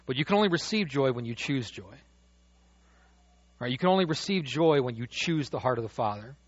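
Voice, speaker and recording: A man preaching a sermon as pastor, animated, dropping to a hush and rising loud as he acts out the father's words. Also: mid-range voice, fairly quick, breathy edge, no echo. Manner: animated, swings from hushed to loud when quoting the father. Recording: dull dry lo-fi sound.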